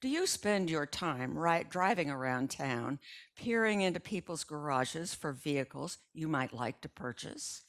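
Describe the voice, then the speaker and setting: A woman's voice: low-pitched, very animated, a little slow, full character voice. An older woman voicing a cool, wealthy lady who turns icy and clipped when talking business. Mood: cold.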